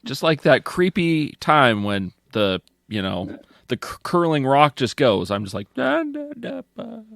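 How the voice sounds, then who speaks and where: A man's voice: mid-range voice, animated, unhurried, a bit bright, no echo, studio quality. A man co-hosting a casual podcast, with wry, joking asides.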